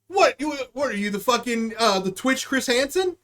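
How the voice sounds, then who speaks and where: A young man with a strikingly high-pitched voice, hosting a live stream and talking straight to his chat. He rambles and jokes, swears freely and hops from one word association to the next. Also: expressive, normal speed, a bit bright. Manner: rambling, joking, profane, riffing on word associations. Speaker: podcast host and streamer.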